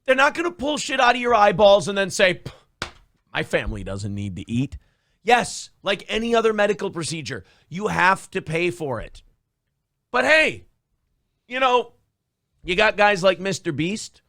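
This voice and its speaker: A man's voice: high voice, lively intonation, moderate pace, sharp tone. A man co-hosting a talk show, ranting with profane sarcasm and mocking others in exaggerated voices. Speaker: radio show co-host.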